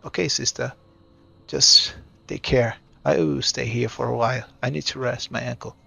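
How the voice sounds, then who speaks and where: Wary young adventurer, man voicing him, husky with a bright edge. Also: medium pitch, fairly even intonation, moderate pace, full character voice. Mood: resigned.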